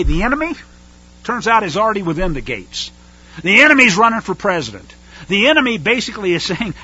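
A man's voice: high-pitched, pushed and bright, husky, lo-fi sound. A man preaching a fiery, sarcastic sermon, scornful and mocking as he reads and comments on scripture.

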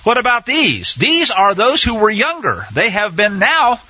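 A man's voice: sits high, wildly swooping pitch, unhurried, pushed and bright, slightly rough, no echo, dull audio. A man teaching scripture in an emphatic way, repeating phrases and speaking directly to his listeners. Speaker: Bible teacher.

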